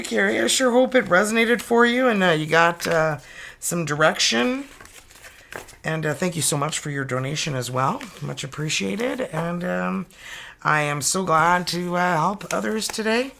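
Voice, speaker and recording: Bright-voiced woman reading tarot. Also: on the low side, lively intonation, moderate pace, gravelly, a little hiss or hum. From Canada. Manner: chatty, upbeat, jokey. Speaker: tarot reader. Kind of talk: live-stream tarot reading.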